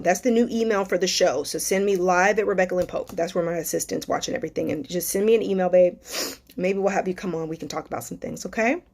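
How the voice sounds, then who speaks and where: A woman with a slightly low voice hosts a live stream Q&A as a life coach. She talks to her viewers with deep affection, calling them darling, baby and sweetheart. Her encouragement is spiritual and emotional, close to tears. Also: creaky.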